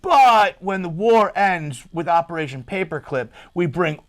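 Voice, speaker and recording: High voiced host guy, swings his pitch all over, cussing n telling stories. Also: a little slow. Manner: animated storyteller, profane. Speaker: podcast host. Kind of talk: casual chat.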